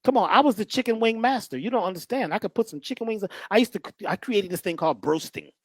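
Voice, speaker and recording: A lively, folksy man talks in a storytelling way, his pitch swinging widely from phrase to phrase. He jokes and preaches in turns. The sound is close and dry with no room echo. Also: fast talker, slightly rough. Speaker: guest speaker. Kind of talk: animated storytelling talk.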